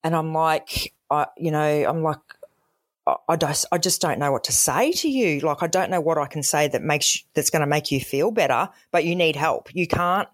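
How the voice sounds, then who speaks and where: A woman's voice: deep voice, moderate pace, no echo, studio quality. A woman with an Australian accent, a former emergency call operator, frankly recounting calls in a podcast interview. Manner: frank storytelling, acts out callers' voices.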